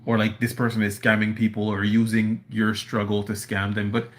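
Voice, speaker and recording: This lowish, monotone male voice moves at a moderate pace as he reads his chat during a casual home livestream, a dog nearby. He speaks in an earnest, rambling monologue, saying "you know" again and again.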